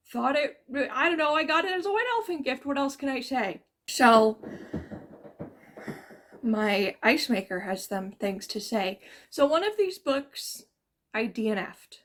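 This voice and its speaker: Woman book vlogger, high voice, chatty and rambling at home. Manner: chatty and rambling, with playful asides. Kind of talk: casual chat to camera.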